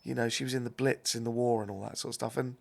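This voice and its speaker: A man's voice: mid-range voice, level tone, quick pace, vocal fry. A middle-aged man, chatting casually as a podcast guest, rambling and self-deprecating. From South East London. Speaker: podcast guest, comedic actor. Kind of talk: casual chat.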